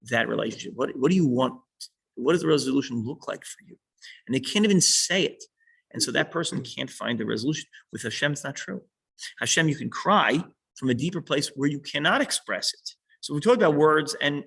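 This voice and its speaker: A male teacher leads a small study class, reading a line and then explaining it step by step. His voice is gravelly with a husky edge, sitting at a middling pitch. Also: fairly bright tone, low-quality recording.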